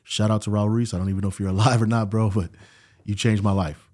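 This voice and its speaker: Middle-aged man, podcast guest, low mellow voice, animated storyteller voicing the people he quotes. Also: fast talker. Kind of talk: storytelling in casual conversation. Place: podcast studio.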